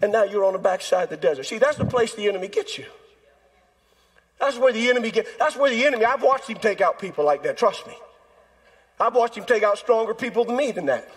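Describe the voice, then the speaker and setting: A male pastor preaches a sermon in a notably high voice. His tone is husky and breathy, and he acts out quoted voices with drama. The sound rings with long reverb from the church sanctuary.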